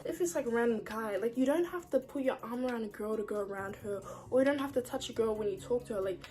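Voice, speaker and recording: A woman's voice: a little high, fast talker, mellow. A young woman, chatting casually to camera as a vlogger, exasperated and ranting, with lots of "like". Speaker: beauty and lifestyle vlogger.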